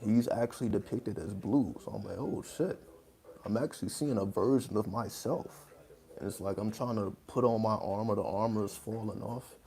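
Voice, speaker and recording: A man's voice: fairly low pitch, moderate pace, creaky, mellow. A man hosting a casual livestream, talking in a loose, rambling way with lots of fillers and laughing between points. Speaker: livestream host.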